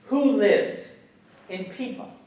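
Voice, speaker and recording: Animated male lecturer in an echoey hall. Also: high-pitched, slow. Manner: animated, questions the audience, swears casually. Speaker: guest speaker, educator. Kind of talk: public lecture. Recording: echoey hall, mic some distance off.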